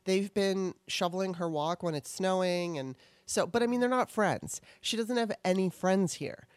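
Middle-aged woman co-host, casual, candid and rambling, swears a lot; mid-pitched, dry close sound. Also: moderate pace, no room sound. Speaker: podcast co-host. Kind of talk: casual chat.

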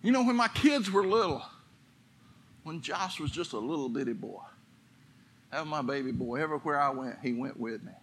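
High, bright-voiced preaching man. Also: lively intonation, normal speed, long pauses, a little hiss or hum. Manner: storytelling preacher who builds to fervent exhortation. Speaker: pastor. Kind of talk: sermon.

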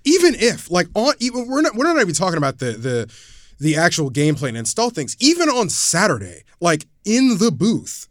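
A man's voice: high voice, wildly swooping pitch, normal speed, no echo, studio quality. A man co-hosting a casual sports talk show, often restarting sentences as he recounts what coaches said. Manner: hesitant restarts, recounting quotes. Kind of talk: casual sports podcast debate.

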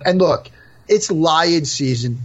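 A man's voice: fairly high pitch, slow, background noise. A man who is a guest analyst on a sports podcast, talking emphatically in a casual interview. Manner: emphatic, repetitive. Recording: dull lo-fi sound.

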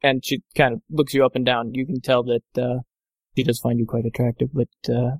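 A male game master narrates a tabletop session in a rambling way, full of fillers and little corrections. His voice sits at an ordinary middle pitch. The recording is close and dry. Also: flat delivery, a little fast, no echo.

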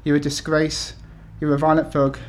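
A man's voice: fairly high pitch, monotone, normal speed, slight background noise. A man in his thirties from the UK, an author talking to an event audience with many ums and restarts, then reading his essays aloud. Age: 30s.

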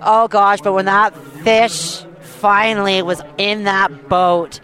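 A woman guest telling a long story with lively excitement, full of fillers and quick restarts. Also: medium pitch. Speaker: guest hunter. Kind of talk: animated storytelling.

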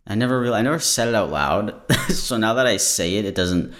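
A man's voice: lowish voice, expressive, a little fast, a bit bright. A tired man hosting a podcast in casual chat. He rambles and jokes and gets sidetracked easily. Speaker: podcast host.

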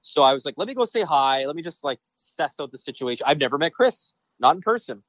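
A man, a sports broadcaster, telling lively anecdotes in a casual interview with many restarts. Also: a little high, fast talker, no room sound. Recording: dry, dull lo-fi sound.

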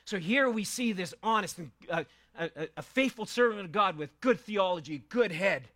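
Bright, high-voiced man preaching a sermon. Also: expressive, normal speed. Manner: conversational storytelling, swings from quiet asides to loud emphasis. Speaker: pastor.

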